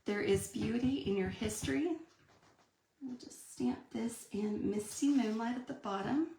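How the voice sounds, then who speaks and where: A woman's voice: fairly high pitch, measured pace, dark tone. A woman, chatting through a live card-making demonstration and answering viewer comments. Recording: echoey room.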